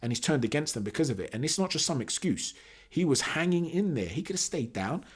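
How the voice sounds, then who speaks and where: A man hosting his own boxing channel, talking through his views in a casual, animated monologue with fillers and self-corrections. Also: a little high, fairly quick, husky.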